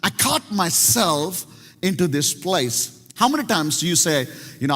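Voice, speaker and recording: A man preaching a sermon as pastor, telling stories in an animated way and often restarting his sentences. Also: sits high, a little slow. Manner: animated storytelling with many restarts. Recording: long hall reverb.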